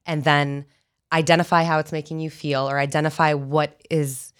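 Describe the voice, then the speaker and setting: A woman's voice: deep voice, flat delivery, normal speed, smooth. A woman communication coach, giving guests explanations and affirmation in a podcast interview.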